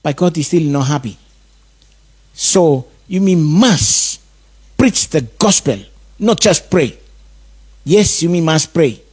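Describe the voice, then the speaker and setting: A man's voice: a little high, lively intonation, slow, pauses often, a little mellow, breathy edge. A man preaching a sermon, in repeated rhythmic calls.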